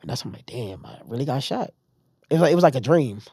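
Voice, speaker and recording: A man's voice: medium pitch, fast talker, husky, no echo, clean studio sound. A man telling his own story in a casual interview, acting out what other people said to him. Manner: animated retelling, acting out others' lines. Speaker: podcast guest.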